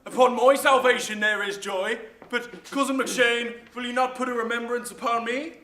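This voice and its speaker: A young man playing a cocky gentleman in disguise who mocks and threatens. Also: very high-pitched, fairly even intonation, moderate pace. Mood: mocking. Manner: mocking, threatening. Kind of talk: stage acting in a school play. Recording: echoey stage with faint hiss.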